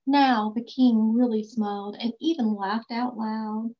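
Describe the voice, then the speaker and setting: A woman reads a storybook aloud, expressive and emphatic, slowing down on key phrases. Her voice sits fairly high. The recording is dull and lo-fi.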